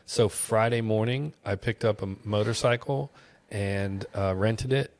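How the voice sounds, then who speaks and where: Man, casual interview chat, animated storyteller, laughs often, lowish voice. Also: a little slow, no room sound. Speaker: podcast conversation partner.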